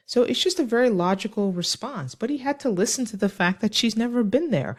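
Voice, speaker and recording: An English teacher talks learners through small talk in an ESL lesson. They explain step by step and act out short example lines along the way. The voice sits at a middle pitch. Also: lively intonation, a little fast, few pauses.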